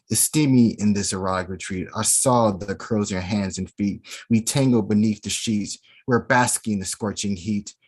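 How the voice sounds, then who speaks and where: A man performing a spoken word poem at an online open mic, theatrical and deliberate. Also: fairly low pitch. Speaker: poet performer.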